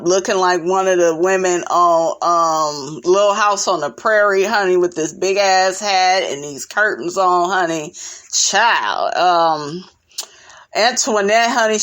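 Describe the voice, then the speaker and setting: A woman giving a sassy, blunt, gossipy recap of a reality show, calling the listener "honey" constantly. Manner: animated, swoops in pitch for emphasis.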